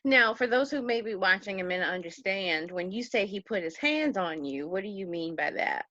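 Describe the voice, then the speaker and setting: A woman's voice: medium pitch, expressive, normal speed, bright, forceful tone, dry recording. A woman hosting a conversational interview, reacting playfully and expressively to her guest. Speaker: host. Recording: dull, dry sound.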